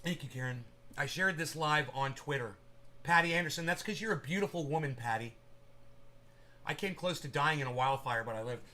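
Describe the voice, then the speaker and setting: A man's voice: a little high, brisk, pushed and bright, a little hiss or hum. A man hosting a livestream, rambling casually and with profanity while addressing viewers in chat by name. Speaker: livestream host.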